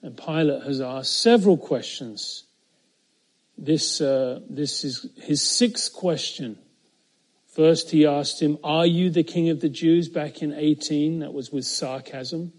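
A middle-aged man preaching an expository sermon, earnest and emphatic, raising his pitch and volume when he quotes scripture and lingering on pauses.

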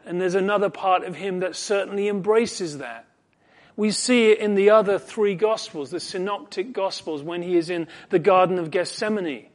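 High-voiced man preaching a sermon. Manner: earnest, emphatic, slows on scripture quotes. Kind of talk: expository sermon.

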